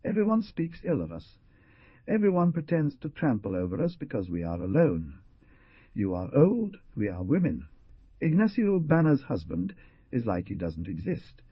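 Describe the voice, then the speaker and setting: A man's voice: medium pitch, huge pitch swings, normal speed, husky, no room sound, lo-fi sound, pitched above the performer's own voice. A man voicing Columba, a distressed young village bride, with an anxious, plaintive delivery in an audiobook reading.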